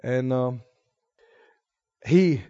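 A middle-aged male pastor preaching a sermon, moving between quiet emotional storytelling and forceful exhortation. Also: mid-range voice, very slow, clean tone, dry recording, lo-fi sound.

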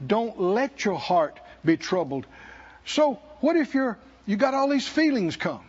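A male pastor with a very high, husky voice delivers a sermon that swings widely in pitch. He draws answers from the congregation and climbs into shouts. The recording sounds dull and lo-fi. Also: sing-song, unhurried. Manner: preaches with call-and-response, rising to shouts.

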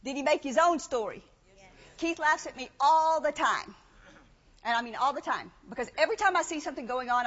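A woman's voice: high voice, animated, a little fast, fairly bright tone. A woman preaching a sermon in a conversational way, asking rhetorical questions and reading scripture. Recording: dull lo-fi sound, long hall reverb.

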